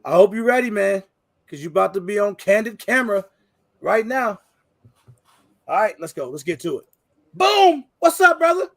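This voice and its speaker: A man's voice: high voice, expressive, moderate pace, gravelly, long pauses, no echo, studio quality. A man hosting a casual livestream chat, laid-back and joking, full of slang. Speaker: podcast host.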